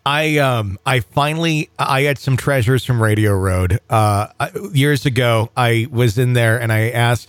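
A man hosting a casual conversation, wandering through his thoughts with restarts and easy laughter. His pitch is an ordinary middle. The recording is close and dry, with no room sound. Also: a little slow, hardly any pauses, clear, resonant tone, no room sound. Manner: rambling, self-interrupting, laughs often. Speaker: podcast host. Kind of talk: casual chat.

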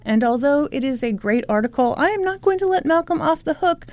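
A woman's voice: sits high, expressive, a little fast, darkish tone. A woman co-hosting a podcast, chatting in a giggly, playful and sarcastic way. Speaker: podcast co-host. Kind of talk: casual chat.

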